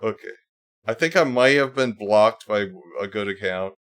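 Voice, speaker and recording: There's background noise behind this man's voice, which sits on the low side with lively intonation at normal speed. He hosts a casual livestream, reading posts and mocking them in whiny put-on voices, rambling sarcastically through many fillers and restarts.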